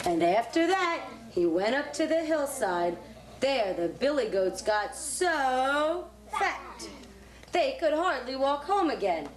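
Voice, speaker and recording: A woman kindergarten teacher reading a story aloud to children in a classroom, slow, sing-song and encouraging. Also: high voice, big pitch swings. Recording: echoey classroom on noisy old tape.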